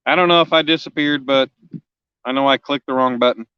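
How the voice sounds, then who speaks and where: A man's voice: mid-range voice, fairly quick, clear, resonant tone, no echo, highs cut off. A man in his forties, a fishing vlogger chatting casually on a live stream outdoors, joking and teasing his viewers as he rambles. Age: 40s. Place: outdoors on a riverbank.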